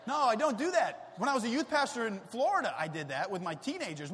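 A man in his thirties preaching a sermon in a church, animated and acting out exasperated voices. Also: very high-pitched, fast, a little hiss or hum. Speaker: pastor. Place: church sanctuary. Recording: reverberant church hall.

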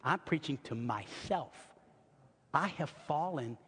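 A male pastor delivering an impassioned sermon in a church, moving between loud exhortation and quiet, intimate passages. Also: on the high side, animated, slow, husky. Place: church sanctuary. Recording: long hall reverb.

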